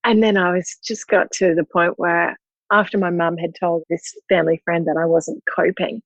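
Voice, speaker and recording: A woman in her forties with a low-pitched voice talks candidly and with feeling, breaking into small laughs. The sound is dry with no room echo and a slightly muffled, lo-fi quality. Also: level tone, normal speed. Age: 40s. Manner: open and emotional, laughs through hard moments. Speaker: guest. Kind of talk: candid personal conversation.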